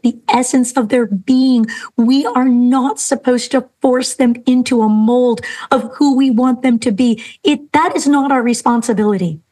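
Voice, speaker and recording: A woman hosting a podcast, telling a story and speaking earnestly and emphatically, slowing down for emphasis. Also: fairly high pitch, warm tone, rough recording. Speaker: podcast host. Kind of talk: storytelling and inspirational talk.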